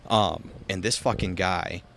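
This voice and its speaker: A man's voice: low-pitched, unhurried, gravelly, fairly bright tone, a little hiss or hum. A young man casually telling a long story, rambling with lots of swearing and filler words, outdoors in a backyard. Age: young adult. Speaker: podcast co-host.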